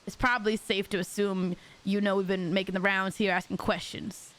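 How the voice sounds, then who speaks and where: A woman's voice: mid-range voice, level tone, fairly quick, a bit bright, pitched below the performer's own voice, natural voice. A woman voicing a theatrical, pompous grown man reading flowery lines from a story game. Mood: grandiose. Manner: grandiose, flowery read-aloud lines. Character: pompous grown male foreign visitor, theatrical.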